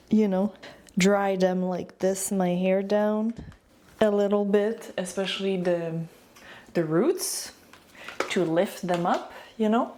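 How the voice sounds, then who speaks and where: Slow, mellow woman with a French accent. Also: medium pitch. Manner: chatty, filler-heavy, giggly. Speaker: beauty and wellness vlogger. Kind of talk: casual hair-care tutorial.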